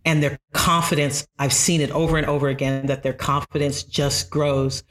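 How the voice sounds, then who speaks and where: Bright, animated woman math teacher. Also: deep voice. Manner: animated storyteller, quick to laugh. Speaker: college math instructor. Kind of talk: conversational podcast interview.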